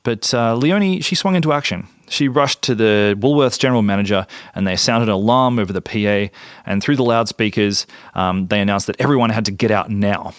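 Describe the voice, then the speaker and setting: Australian male podcast host, low voice, dry close mic, chatty narration with ums. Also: fairly quick, clean tone, dry recording. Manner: conversational with fillers and restarts. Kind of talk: casual storytelling narration.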